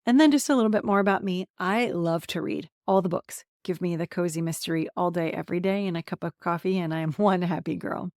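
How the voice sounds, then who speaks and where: Here the central Pennsylvania, USA podcast host and coach, a woman in her forties, talks fairly quickly with hardly any pauses in a lowish voice. Her personal monologue to camera is warm, candid, self-deprecating and full of chatty lists, and the audio has no echo.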